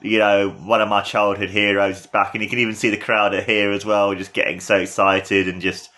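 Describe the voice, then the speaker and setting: Gushing young man with a lowish voice. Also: fairly quick. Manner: excited, gushing and rambling. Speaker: podcast host. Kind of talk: casual watchalong commentary.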